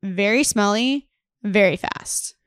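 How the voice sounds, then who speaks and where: A woman's voice: medium pitch, slow pace, fairly bright tone, clear, resonant tone, dry recording, clean studio sound. A woman with a Southern US accent co-hosting a podcast, explaining things bluntly in a jokey, casual chat. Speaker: podcast co-host.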